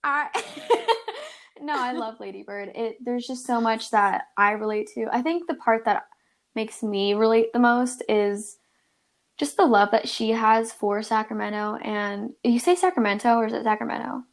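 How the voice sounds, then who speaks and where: A woman's voice: on the high side, a little slow. A young woman from California co-hosting a podcast, rambling and laughing through casual chat, full of "like" and "dude.". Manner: giggly, rambling, lots of "like" and "dude". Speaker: podcast co-host.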